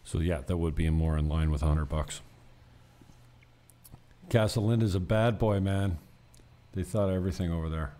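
Deep, dark-voiced laid-back man. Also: moderate pace, pauses often. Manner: laid-back, swears casually, trails off mid-sentence. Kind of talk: casual chat.

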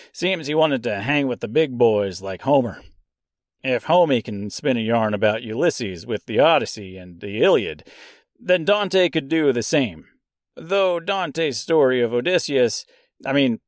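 Wry, lively man talking books. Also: mid-range voice, no room sound, clean studio sound. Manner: wry, conversational, self-deprecating asides. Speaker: podcast host. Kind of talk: casual literary commentary podcast.

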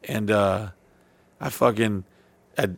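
A man's voice: lowish voice, fairly even intonation, slow pace, vocal fry, no room sound. Profane rambling podcast host, a man. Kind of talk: casual podcast chat.

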